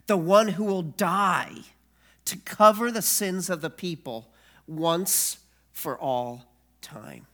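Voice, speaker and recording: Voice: mid-range voice, fairly bright tone. A preacher giving a sermon, who asks the congregation rhetorical questions and reads scripture aloud with rising emphasis. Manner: slow, deliberate delivery with rhetorical questions.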